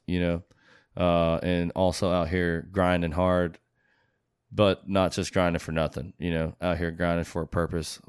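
A man with a very low, smooth, slightly mellow voice hosts a podcast of casual chat, rambling loosely and cursing freely in a relaxed, unscripted way. The sound is close and dry, with no room echo.

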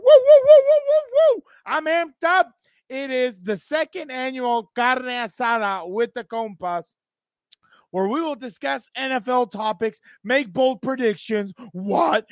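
Hyped, loud man opening a sports show. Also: very high voice, dry recording. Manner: loud, hyped, shouting catchphrases. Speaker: podcast co-host. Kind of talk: hyped sports podcast intro.

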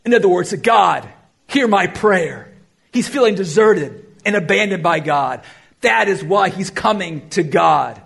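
A male pastor delivers a sermon in a high, husky voice. He swings between loud emphatic peaks and hushed, slowed phrases. His pitch moves widely as he preaches. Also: lively intonation.

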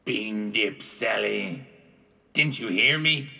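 A man voicing a loud, crude, middle-aged stepfather with a gruff, demanding bark. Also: lowish voice, takes it slowly, dull audio, soft background music, exaggerated voice.

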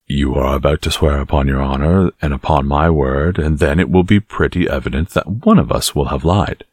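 Brief: cold, courteous young musketeer in a storybook, read by a deep, husky man. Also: a little mellow, no room sound, studio quality. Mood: cool. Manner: measured, coldly courteous.

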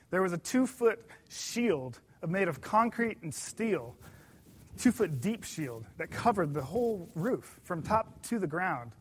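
A man preaching a sermon in an earnest, emphatic way, slowing down to stress key words. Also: sits high.

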